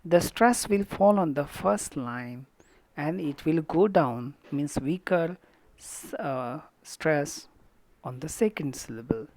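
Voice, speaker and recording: A woman with an Indian English accent gives a college lecture on English meter, speaking deliberately and often pausing, restarting and filling with "uh" and "mm". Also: deep voice, lively intonation, a little mellow, no echo. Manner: halting, deliberate, with fillers and restarts.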